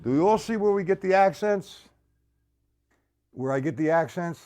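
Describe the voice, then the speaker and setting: This older man's voice sits high and sounds expressive, moving at a moderate pace with loud music behind it. He's streaming a drum lesson from his kit, naming viewers in the chat, breaking down each exercise, and counting the beats aloud.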